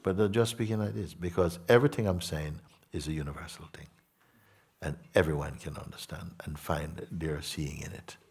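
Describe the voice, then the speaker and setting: A man giving a spiritual satsang talk to an audience, gentle and unhurried, repeating simple phrases and asking his listeners questions. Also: rumbling low, fairly even intonation, breathy edge. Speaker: spiritual teacher.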